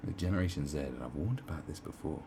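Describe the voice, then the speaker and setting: A man's voice: rumbling low, expressive, quick pace, dark tone, a little hiss or hum. A man giving sarcastic, profane commentary as he reads an article aloud, with mocking asides. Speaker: online commentator.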